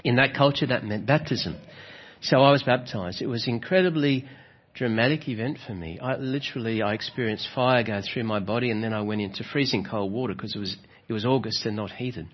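Husky-voiced male preacher, dull lo-fi sound. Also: medium pitch, a little fast. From Australia. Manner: gentle, reflective preaching with rhetorical tag questions. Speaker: pastor. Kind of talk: sermon.

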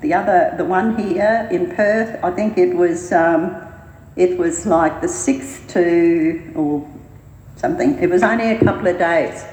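A woman's voice: fairly low pitch, measured pace, a little mellow, a little hiss or hum. A woman giving an informal sermon at a church meeting. She rambles and hesitates, with many fillers and restarts. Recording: roomy hall reverb, faint ambience.

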